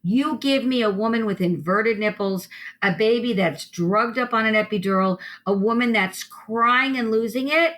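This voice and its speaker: A woman's voice: a little high, normal speed. A woman lactation consultant and herbalist being interviewed, talking emphatically and telling vivid stories from her practice. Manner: emphatic, animated storyteller who addresses the host by name. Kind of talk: interview conversation.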